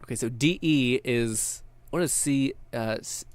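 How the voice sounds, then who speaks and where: A man's voice: mid-range voice, a little slow, no room sound. A man streaming live, chatting casually, thinking aloud and laughing easily, sweaty and tired after a long stream.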